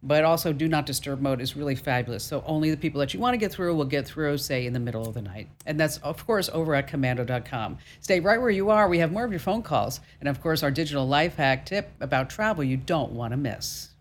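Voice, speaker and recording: A woman's voice: deep voice, lively intonation, fast talker, hardly any pauses, a little hiss or hum. A woman hosting a call-in radio show about technology, giving friendly, chatty advice to callers and listeners with casual asides. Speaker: tech radio show host.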